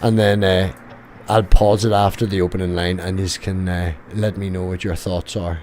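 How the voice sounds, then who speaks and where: A man's voice: low-pitched, level tone, moderate pace, darkish tone, slight background noise. A man hosting a casual live stream chat with guests on a call, joking and laughing often. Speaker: stream host.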